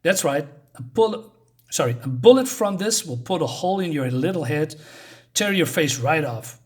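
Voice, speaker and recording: A man's voice: on the high side, animated, normal speed, close to an everyday voice. A man reading a rattled young woman biker. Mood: menacing.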